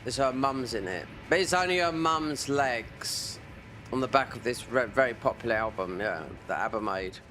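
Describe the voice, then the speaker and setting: A man's voice: medium pitch, animated, moderate pace, bright, forceful tone, a little hiss or hum. A man chatting casually while streaming a game, rambling from one tangent to the next. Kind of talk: casual chat while gaming.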